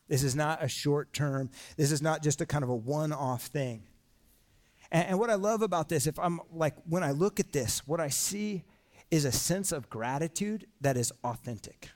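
Pastor guy preaching in church, kinda high voice, loose and excited, lots of "right?" and "yo". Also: a little fast. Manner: casual, animated preaching with slang and rhetorical questions. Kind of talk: sermon. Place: church sanctuary.

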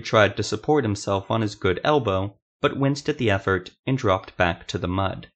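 A man with a low voice narrating a fantasy story. His delivery is steady and measured, with scripted, even storytelling.

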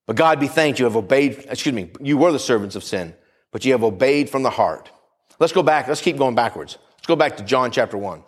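A man's voice: mid-range voice, big pitch swings, a little fast. A man preaching a fervent sermon, calling out for amens from the congregation as his voice swells and drops. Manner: fervent, rising and falling preaching with call-outs for amen.

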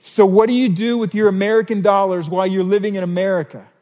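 A man preaching a sermon as a pastor, animated, reading scripture passages aloud. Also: high-pitched, fast, long reverb tail.

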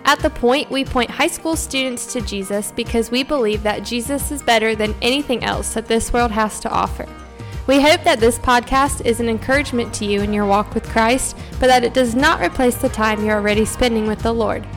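A woman reads a scripted podcast welcome in a bright, friendly tone. Her voice sits fairly high. Soft music plays quietly behind her. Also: fairly quick. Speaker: podcast intro announcer.

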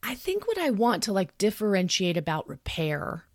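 A woman in her thirties talking in a podcast, explaining calmly and earnestly and acting out what she would say to her child. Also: medium pitch, normal speed, dry recording, studio quality. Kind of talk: conversational podcast talk.

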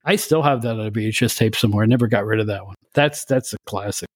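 A man chatting on a podcast as a guest, telling stories in an animated, opinionated way with frequent restarts. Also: lowish voice, fast talker, no echo, clean studio sound. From United States. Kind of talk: casual chat.

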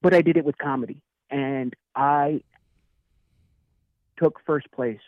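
High-voiced storytelling man, dull recording. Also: takes it slowly, no room sound. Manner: animated, acts out dialogue in story. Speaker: guest speaker and author. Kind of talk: casual storytelling chat.

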